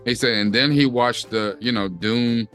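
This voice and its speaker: A man's voice: medium pitch, moderate pace, fairly bright tone, faint music behind. A middle-aged man, co-hosting a casual chat and acting out quotes as he tells a story. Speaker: co-host.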